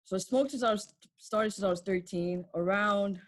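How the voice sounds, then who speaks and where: A woman's voice: mid-range voice, normal speed, dry recording. A woman in her twenties telling a family story in a casual chat, acting out quotes, swearing freely and laughing often. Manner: animated storyteller, acts out quotes.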